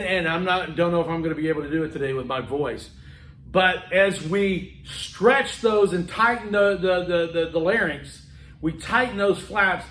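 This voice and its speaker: A middle-aged man giving a college lecture in a classroom, loud and animated, with chatty asides and repetitions. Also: sits high, far from the mic. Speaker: college instructor. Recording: echoey room.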